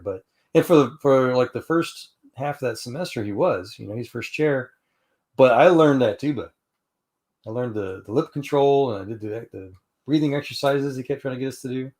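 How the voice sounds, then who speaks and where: A man's voice: mid-range voice, a little mellow. Rambling middle-aged man from Houston. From Houston, Texas, US. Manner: rambling, with many restarts and "you know"; laughs while telling stories. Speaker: host of an online fellowship chat. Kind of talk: casual storytelling chat.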